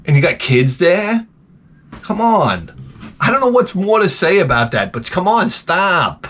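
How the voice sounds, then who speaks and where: A man's voice: high-pitched, big pitch swings, a little slow, fairly bright tone. A man hosting a casual talk show, rambling and ranting crudely, often slipping into mocking voices. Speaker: podcast host. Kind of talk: rambling profane casual chat.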